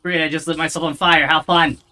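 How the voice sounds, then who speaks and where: A gamer talking to themself while playing, with dry, sarcastic asides and quiet muttering. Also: medium pitch, flat delivery, fairly quick. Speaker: let's play gamer. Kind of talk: casual gameplay commentary.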